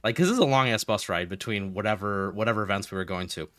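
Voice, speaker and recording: A man's voice: on the low side, fast, no echo. Rambling man streaming a strategy game. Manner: rambling, animated storyteller, talks through game moves. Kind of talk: casual gaming stream chat.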